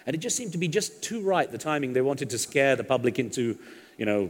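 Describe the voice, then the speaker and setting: A fast-talking middle-aged man, chatting on stage and spinning jokes into his answers. His voice carries the long reverb of a large hall, with an average pitch. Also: very animated, slightly rough. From England. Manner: chatty, joke-telling storyteller. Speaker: guest journalist. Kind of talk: on-stage conversation with anecdotes.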